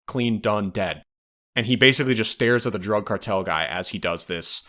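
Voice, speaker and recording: A man's voice: lowish voice, moderate pace, pushed and bright. A man co-hosting a podcast, casually retelling film scenes and acting out the quoted lines. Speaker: podcast co-host. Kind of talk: casual film review chat.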